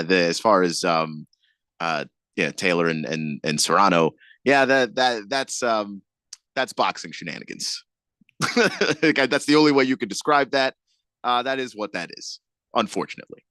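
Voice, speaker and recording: A man in a middle register co-hosts sports talk radio in a relaxed, agreeable way, and his pitch rises and falls lively as he chats. His voice sounds dry and close to the mic. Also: moderate pace, dry recording. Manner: laid-back, chuckling, agreeable.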